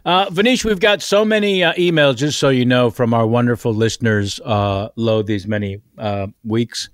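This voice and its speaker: A man's voice: medium pitch, moderate pace, no echo. A man hosting a casual comedy podcast, introducing the guests with jokey nicknames and teasing them. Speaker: podcast host.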